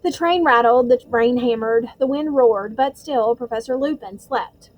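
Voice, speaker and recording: A woman's voice: on the high side, normal speed, dull audio, a little hiss or hum. A woman narrating a novel as an audiobook reading, telling it expressively and stumbling over a word now and then. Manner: expressive storytelling with occasional slips.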